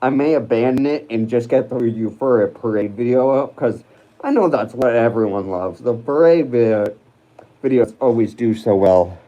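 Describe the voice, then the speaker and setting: A man hosting a relaxed livestream, his voice mellow and soft-edged. He wanders from thought to thought, stopping and restarting with plenty of ums while he answers the live chat. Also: mid-range voice, moderate pace, muffled recording. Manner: rambling and hesitant, many fillers and restarts; chats with viewers while reading live comments. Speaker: livestream host.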